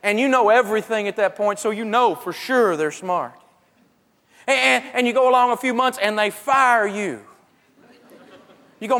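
A man with a notably high voice teaches through humorous stories, acting out everyday people as he goes. He often stumbles and restarts his sentences mid-thought. His voice rings out with the long reverb of a large hall. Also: moderate pace, pauses often, pushed and bright. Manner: storytelling, acts out everyday people, frequent stammered restarts. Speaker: seminar speaker. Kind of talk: humorous teaching talk to a live audience.

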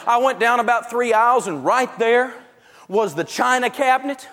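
A middle-aged man giving a humorous, animated finance lecture to a live audience in a large echoing hall. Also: very high voice, normal speed, noisy background. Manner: animated storyteller. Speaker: financial teacher. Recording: long echo of a large hall.

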